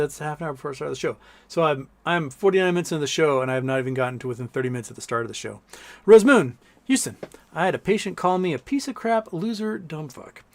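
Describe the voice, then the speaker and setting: A man hosts a live stream in a loose, rambling way, answering chat and drifting into long anecdotes. He swears casually and often, and his voice sits a bit higher than most men's. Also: vocal fry. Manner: rambling, profane, storytelling, reads chat aloud. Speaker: livestream host.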